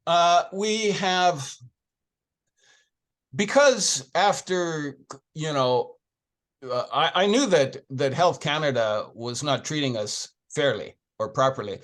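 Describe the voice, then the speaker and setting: A man's voice: fairly high pitch, fairly bright tone. A man answering in an interview, telling his story in a chatty, anecdotal way and acting out the conversations he had. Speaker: founder of an organization, interview guest.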